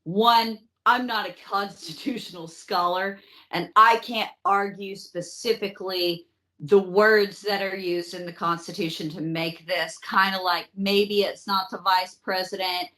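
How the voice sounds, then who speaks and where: Woman podcaster, bright voice, unhurried, swears a lot, casual history chat. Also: mid-range voice. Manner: profane, animated storytelling with mock voices. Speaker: podcast host.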